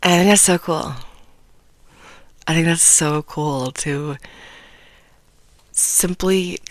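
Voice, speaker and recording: A woman in her thirties hosting a podcast, telling stories in a casual, animated way. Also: deep voice, slow pace, no echo. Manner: animated, laughing storyteller. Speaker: podcast host.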